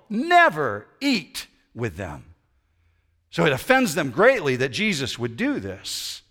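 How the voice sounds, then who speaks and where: Animated male pastor preaching. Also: a little high. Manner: animated preaching, acts out grumbling voices. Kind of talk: sermon. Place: church sanctuary before a congregation.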